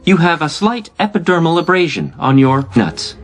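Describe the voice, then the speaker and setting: A man voicing a deadpan robot medical helper who talks in a flat, clinical monotone. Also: fairly high pitch, moderate pace. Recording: background music under the voice.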